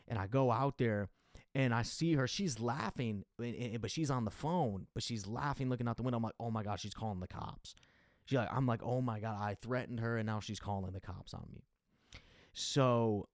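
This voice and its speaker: A young man hosting a podcast, telling a story in casual, slangy, profane talk. He acts out his own panicked thoughts by dropping into a hushed, low voice. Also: dry recording, clean studio sound. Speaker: podcast host.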